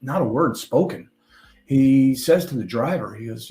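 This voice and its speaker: Older man, New York accent, conference presenter, chatty and jokey, mid pitch, echoey hall. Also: animated, unhurried, a little mellow, soft background music. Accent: New York (Long Island). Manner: jokey, conversational presenter with asides. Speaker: conference speaker. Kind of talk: presentation talk. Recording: roomy hall sound.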